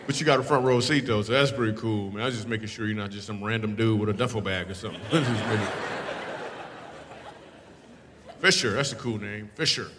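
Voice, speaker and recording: A stand-up comedian with a lowish voice works the crowd at a live comedy show, speaking into a handheld mic at a moderate pace with long pauses. He teases the audience playfully and laughs often. The hall is reverberant and noisy, with faint laughter from the live audience behind him.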